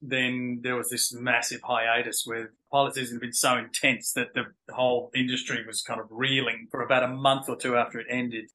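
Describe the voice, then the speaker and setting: Bright-voiced Australian man, reflective guest. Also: mid-range voice, rough recording. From England, moved to Australia at ten. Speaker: guest actor. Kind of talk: casual interview chat.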